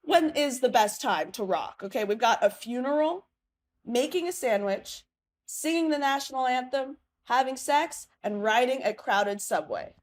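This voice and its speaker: A young woman from Manhattan co-hosting a podcast in a casual, excited, giggly way. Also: sits high, normal speed. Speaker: podcast co-host. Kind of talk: casual chat.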